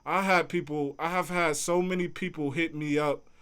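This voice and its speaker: A man hosts a casual livestream and talks back to his chat in relaxed slang. His voice sits a little high for a man and comes through smooth and clear. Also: normal speed. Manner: laid-back, conversational, speaks to chat in slang. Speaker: livestream host reading chat.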